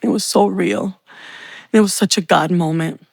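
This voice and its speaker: A woman's voice: on the low side, normal speed, creaky, a little mellow, slightly rough, no room sound. A woman telling her personal faith testimony in an earnest, heartfelt way. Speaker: testimony speaker.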